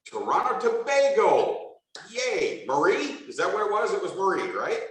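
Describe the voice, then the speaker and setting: A man's voice: high-pitched, huge pitch swings, normal speed, fairly bright tone, very echoey, distant mic, rough recording. A man hosting a video call meeting, greeting each participant by name in an upbeat, jokey way and repeating his welcomes.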